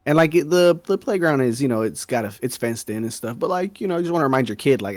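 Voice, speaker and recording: A man co-hosting a podcast, telling a story in casual chat, slangy and animated, with "bro" and "dog" peppering his talk. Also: medium pitch, quick pace, dry recording. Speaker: podcast co-host.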